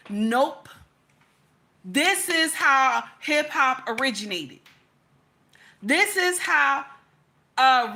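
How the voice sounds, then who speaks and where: High bright-voiced woman lecturing her livestream chat, keeps asking okay?. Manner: preachy, repetitive, emphatic, says "okay?" often. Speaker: livestream host.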